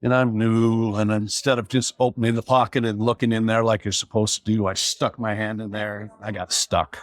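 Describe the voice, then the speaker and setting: Wry low-voiced man telling a story. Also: moderate pace, dry recording. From Seattle area. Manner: wry, animated when quoting others. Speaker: police officer telling a story. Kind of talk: casual storytelling.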